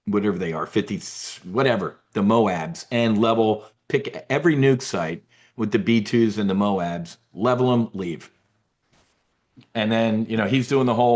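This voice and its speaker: Profane, combative man ranting. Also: lowish voice. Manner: profane, combative, mocks opponents in put-on voices. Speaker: trading newsletter host. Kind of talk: heated political rant in a members' brief.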